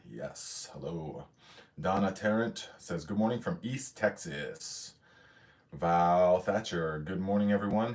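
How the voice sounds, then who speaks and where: Deep-voiced man hosting a casual livestream. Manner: reads out viewer comments and greets them warmly. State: slightly out of breath. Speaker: livestream host.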